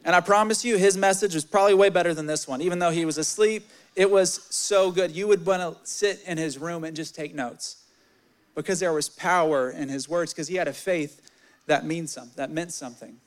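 A young man preaching a sermon, candid and animated, telling personal stories and reading scripture. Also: fairly quick. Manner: candid and animated, swelling louder in stories, dropping low on scripture.

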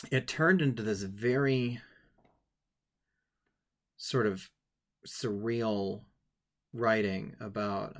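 A man with a fairly low voice speaks haltingly, stumbling over his words and restarting often. He is tearful as he shares a personal story, and he guides listeners through a writing exercise. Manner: halting, emotional, many restarts. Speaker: writing workshop leader.

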